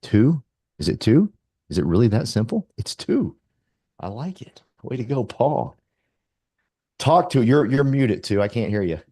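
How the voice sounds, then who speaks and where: A man's voice: mid-range voice, sing-song, a little slow, long pauses, mellow, husky. A man hosting a group video call, giving an impassioned motivational talk and acting out quoted feelings. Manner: impassioned, preachy, acts out quotes. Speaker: meeting host.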